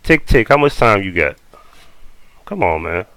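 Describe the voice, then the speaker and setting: A man's voice: fairly low pitch, very animated, a little slow, fairly bright tone, dry recording, low-quality recording. A man with a New Orleans accent giving casual commentary on a video. He argues bluntly, swears often and corrects what he hears. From Louisiana. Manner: blunt, profane, argumentative. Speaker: host reacting to a video.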